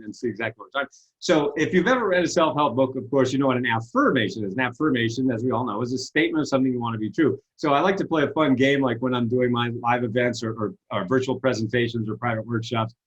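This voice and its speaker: This interview guest is a success coach, a man speaking quickly in a husky, mid-range voice, with the highs cut off on the video call. He's earnest and pokes fun at himself, animatedly retelling stories in a casual chat.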